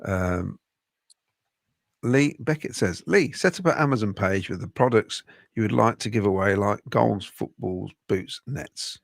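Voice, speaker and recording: Gravelly Coventry man reading comments. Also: lowish voice, a little slow, no echo, studio quality. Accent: Coventry English. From Midlands, England. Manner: reads viewer comments aloud, chatty asides. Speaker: podcast co-host reading comments. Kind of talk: casual fan podcast chat.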